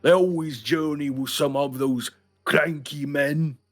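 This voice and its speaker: A hulking, brutish ogre squabbling over meat, gruff and loud, as a man doing the voice puts him on. The voice is pushed up in level and sounds set apart from the speaker's usual tone. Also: fairly even intonation, soft background music, lightly acted. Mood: gloating. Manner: gruff, deliberately deep put-on voice. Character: hungry brutish male ogres arguing over meat.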